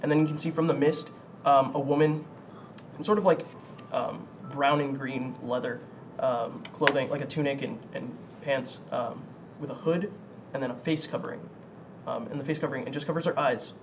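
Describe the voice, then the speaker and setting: A young man narrating as game master, halting with many fillers and quick to laugh. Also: mid-range voice, steady tone. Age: young adult. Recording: distant mic with background noise.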